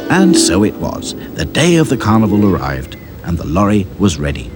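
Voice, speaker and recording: A man narrates a children's storybook in a lively, sing-song manner. His fairly low voice rises and falls dramatically across each line. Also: moderate pace, few pauses, over loud music. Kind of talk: storybook reading.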